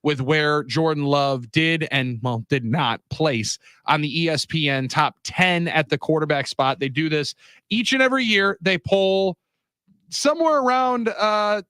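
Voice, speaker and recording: Fast-rambling male sports radio host. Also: fairly high pitch, clean tone, dry recording, clean studio sound. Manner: energetic, rambling, quick bursts of speech. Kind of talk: casual sports radio talk. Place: radio studio. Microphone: studio microphone.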